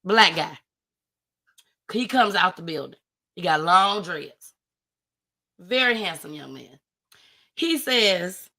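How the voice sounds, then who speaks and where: A woman's voice: lowish voice, lively intonation, slow pace, pauses often, bright, forceful tone. A woman, telling a story in a casual live-stream chat and acting out her own panicked cries. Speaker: storyteller guest.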